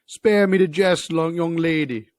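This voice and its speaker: A man voicing a hyper, melodramatic male pigeon in a Jamaican accent, declaiming slowly in grand archaic phrases. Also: a little high, a little mellow, no room sound, lightly acted. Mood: haughty.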